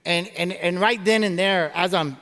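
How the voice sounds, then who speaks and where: A middle-aged man preaching a sermon as pastor, telling stories and jokes in an animated way, often stumbling and restarting his words. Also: high voice, moderate pace. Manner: animated storytelling with frequent stammered restarts and jokes. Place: large church auditorium. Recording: long reverb of a large hall.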